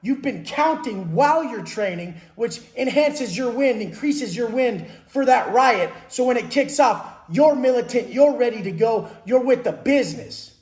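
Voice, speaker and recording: A man's voice: very high-pitched, animated, unhurried, hardly any pauses, darkish tone. A man, a fitness and mindset coach, talking bluntly and profanely about life in prison, with hard emphatic delivery. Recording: roomy echo.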